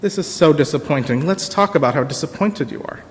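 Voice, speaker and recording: A man voicing a fretful, talkative chicken from a children's story, with high, fluttery exclamations. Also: lively intonation, brisk, natural voice. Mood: fussing. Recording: long reverb of a large hall.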